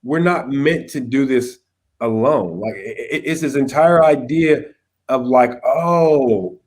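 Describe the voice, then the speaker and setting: A man speaking as a youth pastor guest in a casual conversation, animated, acting out little quotes and often checking in with "right?". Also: medium pitch, measured pace. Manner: animated, acts out quotes, keeps asking "right?".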